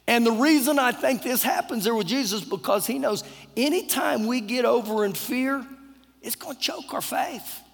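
A man's voice: extremely high pitch, a little fast, vocal fry. A man with a Texan accent, a pastor preaching an earnest, conversational sermon with repeated phrases. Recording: long church-hall reverb.

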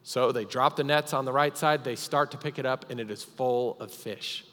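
A man's voice: mid-range voice, normal speed, fairly bright tone. Man preaching in a reverberant church. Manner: storytelling, dramatic retelling with emphatic repetitions. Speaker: pastor. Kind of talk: sermon. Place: church service hall. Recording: long reverb of a church hall.

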